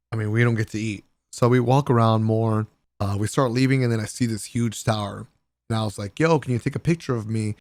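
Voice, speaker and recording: A young man casually telling the story of a trip in a vlog voice-over, excitable and full of slang, sometimes breaking into laughs. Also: dry recording. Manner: animated, laughing, swearing, mimics friends in raised pitch. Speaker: vlogger.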